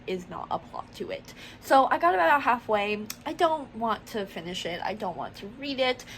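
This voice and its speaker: A woman's voice: mid-range voice, a little hiss or hum. A young woman from the United States chatting casually in a book vlog, gushing and full of "like" fillers. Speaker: book vlogger.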